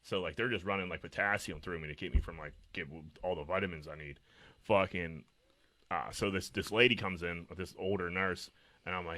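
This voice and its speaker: Thirty-ish guy on a podcast, rambly and cussing a lot, low-ish voice, real dry close sound. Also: fairly quick, bright, forceful tone, no echo. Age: 30s. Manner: rambling, profane storytelling. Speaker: podcast co-host. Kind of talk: casual podcast chat.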